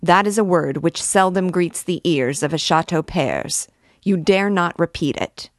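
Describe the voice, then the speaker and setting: A woman's voice: sits low, no room sound, studio quality. A woman voicing a brash, hot-tempered young army captain in a read-aloud novel. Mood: furious. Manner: swaggering and quick to anger.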